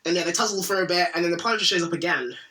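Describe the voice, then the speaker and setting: A man's voice: high-pitched, racing. A man co-hosting a podcast, casually recapping a cartoon episode and acting out characters' lines with plenty of swearing. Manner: animated, acts out characters' lines, swears freely. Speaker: podcast co-host.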